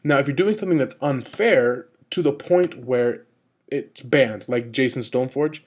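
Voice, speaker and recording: A man vlogging an unscripted rant to camera, rambling with lots of "like" and "you know" and jumping up in pitch as he gets annoyed. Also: moderate pace, a little mellow. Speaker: video blogger.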